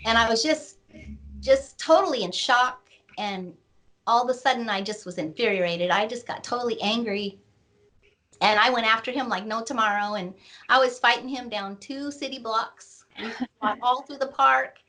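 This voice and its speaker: A middle-aged woman, an author, slowly telling a painful personal story in an interview, with many pauses and fillers. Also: on the high side, bright, forceful tone. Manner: slow, reflective, with many fillers. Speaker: author and guest.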